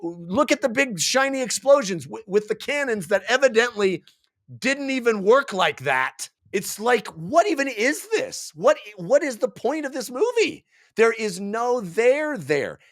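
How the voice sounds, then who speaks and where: A man's voice: very high-pitched, sing-song, measured pace, fairly bright tone. A man co-hosting a film review podcast, ranting in exasperated disbelief in casual chat. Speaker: podcast co-host.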